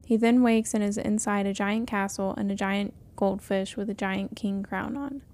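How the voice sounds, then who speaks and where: A woman narrating an improvised comedy story in a deadpan way on a podcast. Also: medium pitch, moderate pace.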